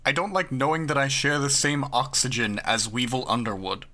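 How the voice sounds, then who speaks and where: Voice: mid-range voice, moderate pace. A podcast co-host in casual comedic chat, swearing freely and joking. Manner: profane, lively, joking.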